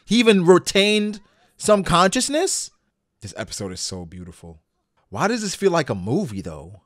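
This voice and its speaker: Man, fairly high voice, lively swings, excitable reaction commentary, swears a lot, dry close mic. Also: normal speed, no echo. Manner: excitable, profane, bursts into shouts. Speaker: anime reaction channel host.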